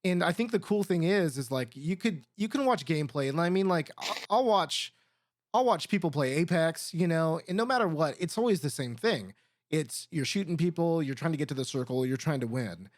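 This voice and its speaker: A man's voice: a little high, expressive, brisk, no echo, clean studio sound. A man on a casual gaming podcast, working through his point step by step. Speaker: podcast co-host.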